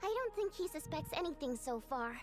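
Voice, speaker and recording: A woman's voice: high-pitched, big pitch swings, a little fast. A woman voicing an earnest young female ally in a game, confiding her plans in long explanations. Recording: game voice over clear music.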